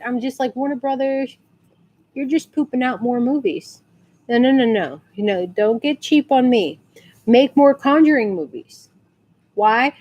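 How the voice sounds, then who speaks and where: A woman from San Antonio, Texas, chatting casually in a rambling way and acting out quotes in high squeals. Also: a little mellow. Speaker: vlogger. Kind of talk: casual storytelling rant.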